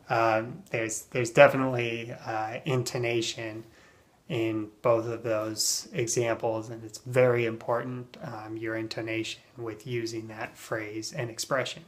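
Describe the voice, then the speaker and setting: Man, English teacher, casual spoken lesson, relaxed, lots of ums, emphatic example phrases, mid-pitched voice. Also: measured pace. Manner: relaxed, with many ums and uhs.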